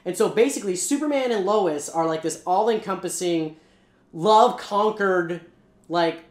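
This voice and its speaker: A co-host of a comic book channel retells a comic's plot in casual chat, rambling, cursing and animatedly tossing in quick asides. The voice is mid-range, and the sound is roomy.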